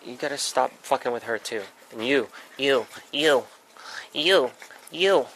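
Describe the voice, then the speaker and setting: A man's voice: medium pitch, unhurried, sharp tone, slight background noise, low-quality recording. A man hosting a casual livestream from a home music setup, chatting and scolding his pets in an exasperated way.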